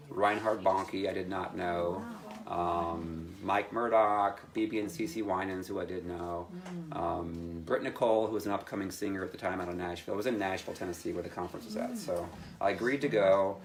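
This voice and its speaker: Lively storytelling man before an audience. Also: low-pitched, slight background noise. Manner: lively storyteller acting out his own quotes, laughing often. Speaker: speaker telling his testimony. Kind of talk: animated personal story to a live audience.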